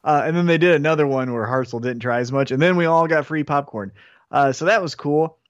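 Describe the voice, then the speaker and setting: A man's voice: a little high, a little fast, no room sound, muffled recording. A man, co-hosting a podcast and telling wry anecdotes in casual chat. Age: 30s. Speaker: podcast co-host.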